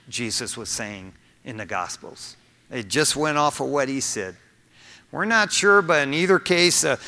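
A man's voice: fairly high pitch, pushed and bright. A middle-aged male pastor preaching a sermon in an earnest, conversational way, mixing teaching with personal asides. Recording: long hall reverb.

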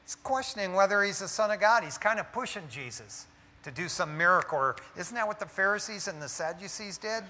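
A man's voice: high-pitched, lively intonation, a little fast, sharp tone. A man preaching a sermon in an emphatic, conversational way, often dropping in "man" as he speaks. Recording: echoey hall reverb.

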